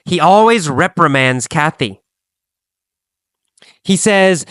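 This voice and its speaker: A man teaching an English lesson, speaking slowly and deliberately and repeating phrases for learners to copy. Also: medium pitch, lively intonation, a bit bright, smooth, no echo. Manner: slow, deliberate, repetitive drilling.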